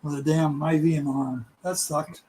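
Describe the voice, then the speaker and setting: Animated middle-aged man telling stories. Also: a little high, moderate pace, slight background noise, rough recording. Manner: animated, laughing, acts out voices in his stories. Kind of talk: casual storytelling chat.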